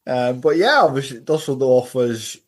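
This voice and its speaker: A man talks as a guest on a podcast, telling stories from football trips in a loose, chatty way. His voice sits at an ordinary middle pitch, and he often laughs while he recounts things. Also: animated, moderate pace. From England. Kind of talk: casual storytelling chat.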